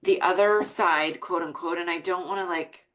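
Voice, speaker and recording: A woman's voice: fairly low pitch, steady tone, moderate pace, a bit bright, poor audio. An American woman hosting a parenting podcast, speaking in an earnest, emotional monologue. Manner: earnest and emotional, reading quotes aloud. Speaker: podcast host.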